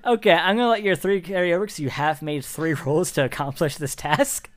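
A game master narrating a tabletop game in a giggly, rambling, animated way. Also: medium pitch, fairly quick.

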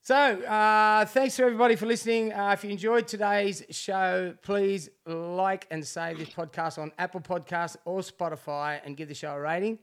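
A man's voice: sits high, steady tone, moderate pace, hardly any pauses, fairly bright tone, clean tone. An Australian man hosting a podcast, chatting casually with lots of "mate" and easy laughter. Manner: laid-back, matey, laughs often, many fillers. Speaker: podcast host. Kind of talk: casual interview chat.

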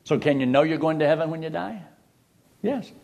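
Between Bible verses, this older preacher spins folksy, animated stories and cracks jokes. He sounds a little high and creaky, and speaks a little fast.

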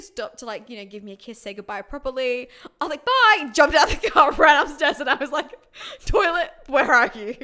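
A woman co-hosting a casual chat, telling a date story with lots of laughter and animated retelling. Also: sits high.

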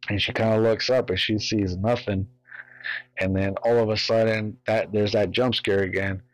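A man's voice: lowish voice, flat delivery, moderate pace, no room sound, low-quality recording. A man casually retelling a horror film's plot, rambling with lots of fillers and swearing. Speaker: movie reviewer. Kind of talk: casual film recap.

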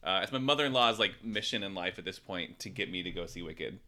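A man hosting a casual podcast chat, relaxed as he steers the talk with questions. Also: low-pitched, quick pace, crowd noise. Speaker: podcast host.

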